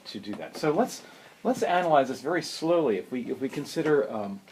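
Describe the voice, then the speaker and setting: A man giving a spoken piano lesson, unhurried and thoughtful, who sings rhythms and counts beats aloud. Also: medium pitch, lively intonation, darkish tone, slight background noise. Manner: unhurried, thoughtful, with many fillers. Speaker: piano teacher.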